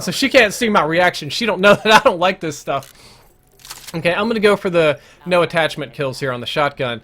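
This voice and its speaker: A man's voice: high-pitched, a bit bright, a little hiss or hum. A man streaming live gameplay, telling a long crude story in a rambling, self-interrupting way. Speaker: gaming streamer.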